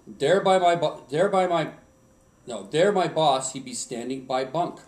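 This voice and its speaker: A man's voice: a little high, measured pace, darkish tone, pitched above the performer's own voice, close to an everyday voice. Man doing a tipsy old Swedish lumberjack. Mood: jolly. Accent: mock Swedish. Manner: sing-song, chuckling storyteller. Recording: roomy home recording from a distance.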